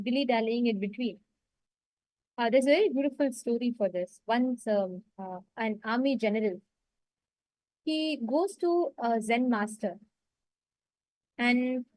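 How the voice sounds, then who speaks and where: A woman gives an earnest spiritual talk and works a parable into her explanation. Her voice is high and bright in pitch. The recording is close and dry. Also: no echo, low-quality recording.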